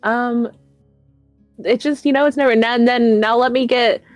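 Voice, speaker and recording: A woman's voice: fairly high pitch, steady tone, moderate pace, no room sound, faint music behind. A woman guest on a chat stream, telling stories in a rambling, self-mocking way with a lot of swearing. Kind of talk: casual chat.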